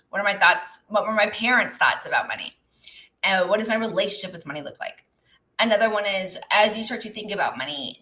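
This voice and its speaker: On a live online broadcast, a woman business coach chats casually and reflectively with viewers, using lots of fillers and asides in a teaching-style talk. Her low-leaning voice sounds pushed and bright, and the audio quality is poor.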